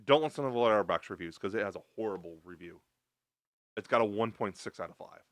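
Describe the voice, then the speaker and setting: A man's voice: on the low side, animated, fast, dry recording. A man co-hosting a podcast, chatting casually in an easygoing way, full of "like" and "uh". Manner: easygoing, heavy use of "like" and "uh". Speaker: podcast co-host. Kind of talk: casual chat reviewing a show.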